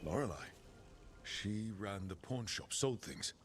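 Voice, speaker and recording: A grim, determined adventurer from a fantasy video game. His voice sits very low and he talks in short, urgent lines, with a faint hiss of noise underneath. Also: animated, a little slow.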